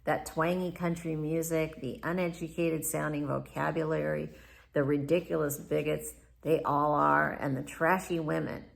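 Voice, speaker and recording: A woman's voice: low-pitched, vocal fry. A woman reading her own memoir aloud, in first-person narration, in a reflective and candid manner. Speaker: memoir author.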